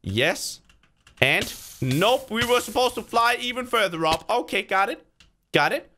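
A man giving casual let's-play commentary, excitable, talking to himself and cheering himself on, with sudden loud bursts of frustration and joy. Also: sits high, unhurried, slight background noise. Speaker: gaming video creator.

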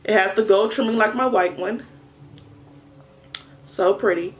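A young adult woman chatting through a casual unboxing vlog, excitable and playful with lots of slang. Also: medium pitch, measured pace, a little hiss or hum. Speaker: vlogger.

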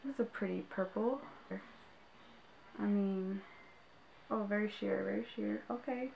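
Gushing young woman, slow, noisy recording. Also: mid-range voice, highs cut off. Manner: gushing, exclamatory, talks to viewers. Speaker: beauty vlogger. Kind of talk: casual unboxing vlog. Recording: clear background noise.

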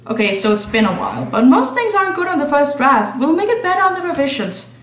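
Casting: earnest, persuasive young male tutor read by a woman, fairly high pitch, roomy sound. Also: very animated, fast, fairly bright tone, slight background noise, full character voice. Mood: encouraging.

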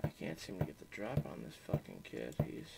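Young man with a gravelly, animated voice. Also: extremely low pitch, brisk, very noisy. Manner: profane, joking, animated. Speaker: gaming YouTuber. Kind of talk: let's play commentary.

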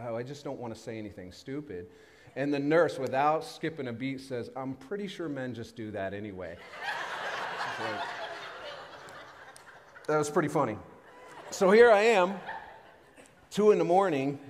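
A man in his thirties preaching a sermon as pastor, telling a personal story with animated, self-deprecating humor. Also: medium pitch. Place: church sanctuary. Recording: long reverb of a church hall.

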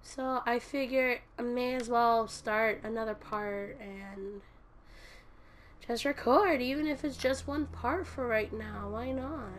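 A woman with a hoarse voice from a cold, rambling and self-deprecating while she plays and comments on a fighting game. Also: a little high, slow pace, slight background noise. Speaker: gaming YouTuber. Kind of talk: casual commentary while playing.

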